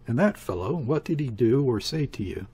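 A man reading the part of a nervous, easily shaken man in an audiobook, asking excited, anxious questions. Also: mid-range voice, moderate pace, breathy edge.

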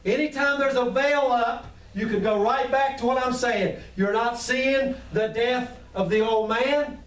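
A man's voice: very high voice, unhurried, a bit bright. A man preaching an impassioned sermon in a church, calling out to the congregation. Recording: echoey room, mic at a distance.

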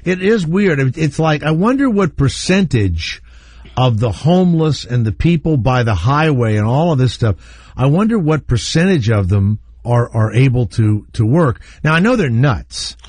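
Blunt rambling male radio host, husky. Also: mid-range voice, animated, moderate pace, darkish tone, no echo. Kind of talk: casual radio talk.

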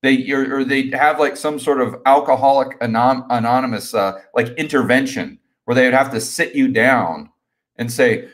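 Energetic man hosting a live stream. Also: mid-range voice, normal speed. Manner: energetic, rambling, repeats words. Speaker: host. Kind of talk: live stream Q&A, casual chat.

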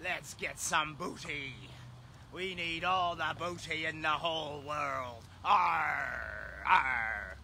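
A man's voice: a little high, takes it slowly, gravelly, very noisy. A man playing a hammy pirate. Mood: playful. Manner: hammy, playful pirate talk. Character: jokey male pirate captain, growling "arr".

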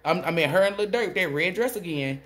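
A woman giving a solo tarot reading, rambling excitedly and swearing as she relays messages she says come from a spirit. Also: fairly low pitch, brisk. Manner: swoops between loud outbursts and muttering. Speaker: tarot reader.

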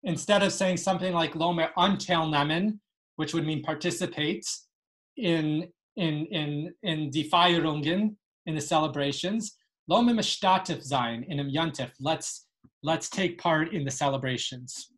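A woman's voice: low-pitched, measured pace. A woman teaching an online lesson on Yiddish dialects, reading passages aloud and translating them. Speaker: webinar teacher. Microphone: video call.

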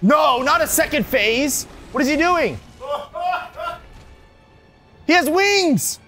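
A man playing a video game and commentating, who yells, swears and curses at the game a lot. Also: very high-pitched, slow pace, faint music behind. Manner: loud excitable yelling and swearing at the game. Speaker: gameplay commentator. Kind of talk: let's play banter.

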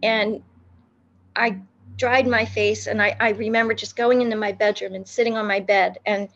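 A woman recounting a personal faith experience in an interview, speaking earnestly with many pauses and restarts. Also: mid-range voice, level tone, a bit bright, highs cut off, slight background noise. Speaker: guest telling her faith testimony.

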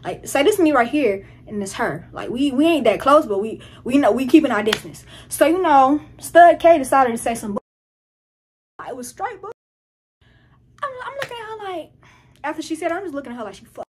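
A teenage girl telling a story in casual chat, animated and full of profanity and slang. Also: high voice, brisk, a little hiss or hum. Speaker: vlogger.

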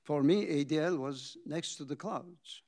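An older man with a slightly higher voice recounts how he founded his company. He pauses for effect and acts out the conversations he remembers. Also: a little mellow. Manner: dramatic pauses, acts out quoted dialogue. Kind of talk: reflective storytelling talk.

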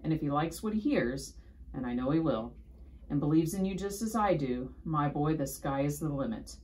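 Lady doing a chirpy kind music teacher guy, storybook style, lowish voice. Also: animated, normal speed, warm tone. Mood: eager. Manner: eager, encouraging. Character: kindly older male music teacher, enthusiastic.

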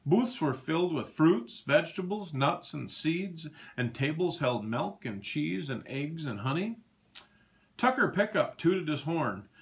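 A man's voice: a little high, big pitch swings, measured pace. A man reading a children's farm picture book aloud, with a slightly raised voice. His melody rises and falls a great deal in a sing-song storytelling way.

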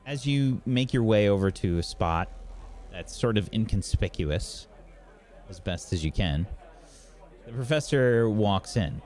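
A man acting as game master, narrating the scene in a relaxed, meandering way with many fillers. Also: on the low side, unhurried.

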